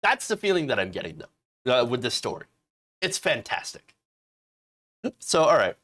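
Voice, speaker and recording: A man hosts casual political commentary. His delivery is sarcastic and full of mockery. His pitch swings widely as he talks. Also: big pitch swings, moderate pace, fairly bright tone. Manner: sarcastic, mocking voices of opponents.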